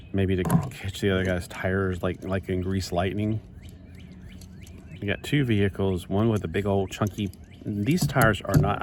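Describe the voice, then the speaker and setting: A man with a very low, deep voice rambles along in a chatty, self-interrupting way as he builds a toy set. A steady noise runs behind him throughout the recording. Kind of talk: casual chat while building.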